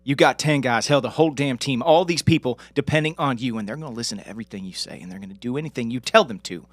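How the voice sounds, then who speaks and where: A man's voice: mid-range voice, quick pace, no echo, natural voice. A man reading the part of a bitter, injured young ex-quarterback who bluntly drills and scolds a teammate in a script read-through. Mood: lecturing. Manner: blunt, scolding, tough-love pep talk.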